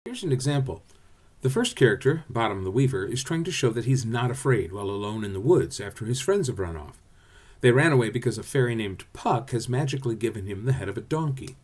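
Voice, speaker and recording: A man teaching a recorded drama lesson, explaining verse in an expressive way. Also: medium pitch, brisk.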